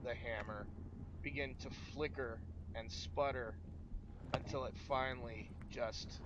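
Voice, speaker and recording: Relaxed man game master, hissy audio. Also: medium pitch, a little slow. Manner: relaxed, rambling, many ums. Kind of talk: narrating a tabletop game. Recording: muffled with steady background noise.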